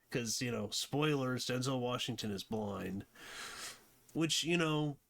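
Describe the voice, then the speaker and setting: A man's voice: medium pitch, lively intonation, slow pace, creaky, fairly bright tone. A man hosting a casual movie review, rambling with many fillers and restarts. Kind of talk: casual unscripted commentary.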